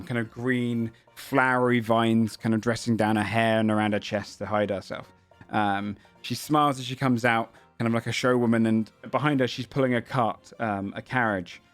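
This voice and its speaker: A man narrating as game master of a tabletop game, describing scenes in a loose, hesitant way full of fillers. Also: mid-range voice.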